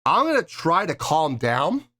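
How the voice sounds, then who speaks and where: A man hosting a music reaction video, talking in a lively, mock-outraged way with drawn-out emphasis. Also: fairly high pitch. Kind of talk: casual reaction vlog.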